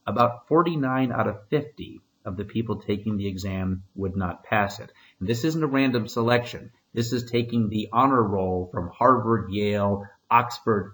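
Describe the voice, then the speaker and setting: A man's voice: lowish voice, low-quality recording. A man, a history teacher, giving a casual recorded lecture with wry asides and frequent fillers.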